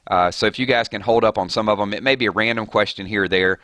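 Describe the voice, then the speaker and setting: A man hosting a casual gaming live stream, chatting loosely with viewers and giving shout-outs, his voice a little hoarse. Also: on the low side, fast, no echo. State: slightly hoarse. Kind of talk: casual live-stream chat over gameplay.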